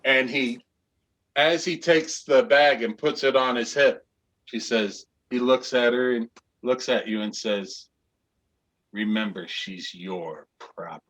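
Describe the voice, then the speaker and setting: A man narrating a tabletop fantasy game as game master, in a measured storytelling manner. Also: mid-range voice, fairly even intonation, a bit bright.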